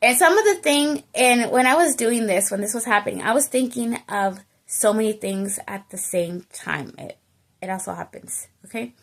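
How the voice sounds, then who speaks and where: A woman telling a personal story in a casual vlog, animated and chatty, checking in with the listener and slipping into bits of Spanish. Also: fairly high pitch, moderate pace. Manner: animated, keeps checking in with "okay?" and "you know?". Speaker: storytelling vlogger.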